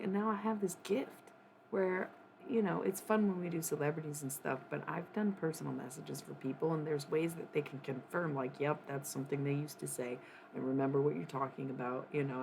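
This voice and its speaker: A woman's voice: deep voice, vocal fry, darkish tone, a little hiss or hum. A woman streaming live, ranting in a casual, profane, worked-up way and often laughing.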